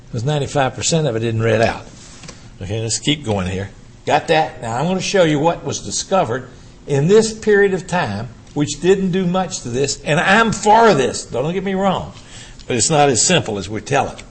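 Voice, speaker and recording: A man's voice: a little high, very animated, normal speed, slightly rough. Older man lecturing with emphatic rhetorical questions. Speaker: urology professor giving a lecture. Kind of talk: academic lecture to an audience.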